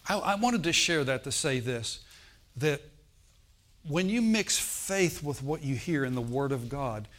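A man's voice: medium pitch, fairly bright tone, slight background noise. A man preaching a sermon, telling a personal healing story and often asking the congregation "Amen?". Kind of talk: sermon testimony.

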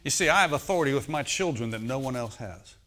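Here a pastor with a medium-pitched, fairly bright voice preaches quickly with lively intonation. He's a storyteller who acts out the people he quotes and invites the congregation to say amen.

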